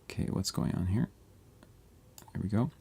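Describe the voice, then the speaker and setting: A man's voice: low-pitched, fairly even intonation, moderate pace, creaky, warm tone, breathy edge. A man casually walking viewers through building a beat live and thinking aloud as he edits tracks. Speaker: music producer streamer. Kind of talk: live beat-making walkthrough.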